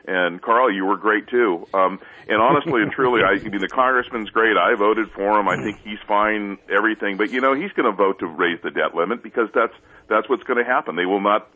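A man calling in to a talk radio show, effusive and full of "I mean"s. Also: on the low side. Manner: effusive, talks fast with many "I mean"s. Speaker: caller. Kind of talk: call-in talk. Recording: tinny phone line.

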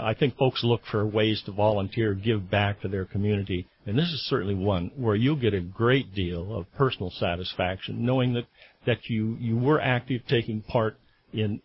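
A former grand jury member appears as a studio guest in a radio interview, speaking in a low, husky male voice. He is earnest but halting, restarting again and again. The studio microphone yields a slightly dull radio broadcast sound.

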